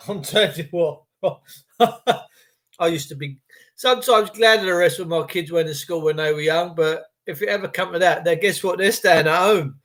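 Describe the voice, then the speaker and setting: A middle-aged man, podcasting in a blunt, animated rant and swearing freely. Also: sits high, normal speed. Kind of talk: ranting monologue.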